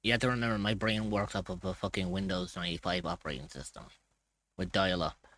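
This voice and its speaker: Tired, rambling man with a bright voice. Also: deep voice, fairly even intonation, fast talker. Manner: rambling, loose, swears casually. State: tired and groggy. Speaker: streamer. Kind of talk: casual chat on a live stream.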